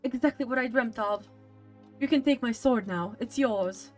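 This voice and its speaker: A woman voicing a solemn knight character in a game, speaking in a grave, measured, formal way. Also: fairly high pitch, soft background music, natural voice.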